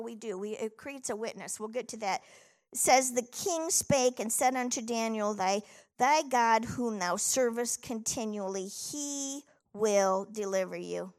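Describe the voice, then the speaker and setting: A middle-aged woman preaching a sermon, telling a scripture story with animation and reading verses aloud. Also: fairly high pitch.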